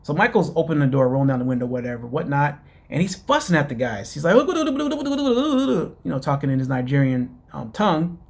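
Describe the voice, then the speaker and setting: A man's voice: mid-range voice, quick pace, hardly any pauses. A man hosting his own show, casually recapping a reality TV episode and rambling with many fillers while calling his listeners "guys.". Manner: chatty, addresses listeners as "guys". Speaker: show host.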